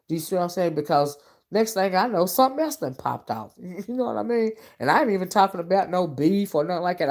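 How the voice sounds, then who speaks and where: Woman vlog host, low-voiced, sleepy, rambling folksy chat to viewers over a webcam. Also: darkish tone. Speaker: channel host. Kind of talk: casual livestream chat.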